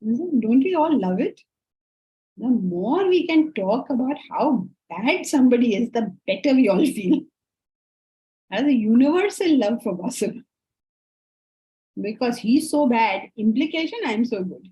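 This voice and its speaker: A woman teaching a Vedanta class in a lively, conversational way, often asking her students rhetorical questions. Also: on the high side, unhurried, slightly rough. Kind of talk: online class lecture. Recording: muffled lo-fi audio.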